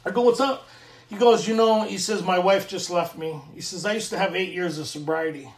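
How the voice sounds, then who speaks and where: A man's voice: high-pitched, fairly quick, roomy sound, distant mic. A middle-aged man from Canada, earnestly sharing a personal recovery story at a meeting and acting out the dialogue.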